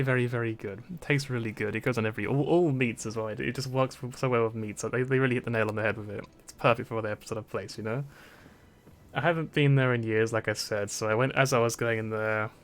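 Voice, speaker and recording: A young man from Britain chats on a stream at a middle pitch. He rambles along, stumbling over repeated words and breaking into laughter. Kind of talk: casual chat.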